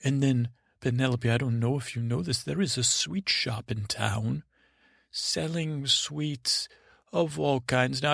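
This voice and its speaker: A man host telling a meandering bedtime story, halting and full of restarts. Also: medium pitch, creaky, fairly bright tone, no room sound, studio quality. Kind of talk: rambling bedtime story narration.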